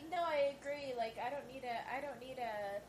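A woman's voice: sits high, brisk, a little mellow. A woman co-hosting a podcast in bubbly, playful casual chat about a film. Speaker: podcast co-host. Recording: roomy echo with clear background noise.

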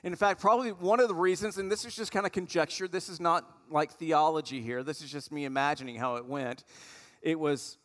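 A pastor preaches in a relaxed, conversational way, and his fairly high voice carries a long reverb through a large hall. He tells the story as if he were talking with the room. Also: brisk. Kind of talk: sermon.

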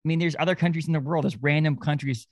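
A man co-hosting a podcast in casual chat, rambling and animated, often restarting his sentences. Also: on the high side, fast, dry recording. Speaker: podcast co-host.

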